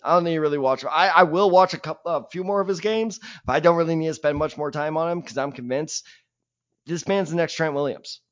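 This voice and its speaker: A young man co-hosting a casual sports podcast, animated and opinionated with mock-dramatic rants, on a dull lo-fi mic. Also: fairly high pitch, a little fast.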